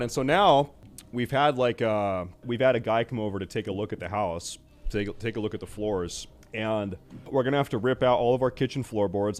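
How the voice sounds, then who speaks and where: A young man streaming, ranting casually and profanely to his chat, exasperated and often loud. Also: lowish voice.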